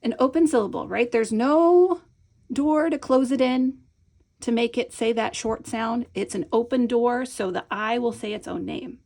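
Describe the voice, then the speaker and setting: A middle-aged woman teaching a lesson, patient and explanatory, slowing down to model each sound and often checking in with "right?". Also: fairly high pitch, gravelly, darkish tone. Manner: slows and stretches words when modeling sounds. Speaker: teacher trainer. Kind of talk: instructional video lesson.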